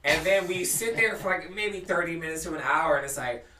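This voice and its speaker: A man's voice: on the high side, a little fast, a little hiss or hum. A young man telling a rowdy story in casual chat on a live stream. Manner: animated, laughing storyteller. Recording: echoey room, mic at a distance.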